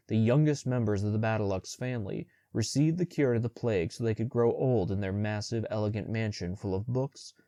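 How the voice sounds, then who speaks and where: A man narrating a young adult audiobook in the first person with steady, measured storytelling. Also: on the low side, no room sound, clean studio sound.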